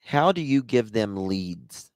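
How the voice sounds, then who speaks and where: Slow, sarcastic low-voiced male host. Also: big pitch swings, clean tone, no room sound, studio quality. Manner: sarcastic, drawn-out delivery. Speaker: livestream host. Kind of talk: mocking commentary on a news clip.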